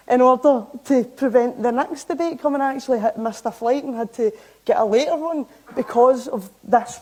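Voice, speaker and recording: A young Scottish woman giving a public talk, recounting events in a lively, anecdotal way. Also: sits high, rough recording. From Scotland. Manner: lively anecdotal, animated when amused. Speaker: member of parliament giving a talk. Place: hall, talk to an audience.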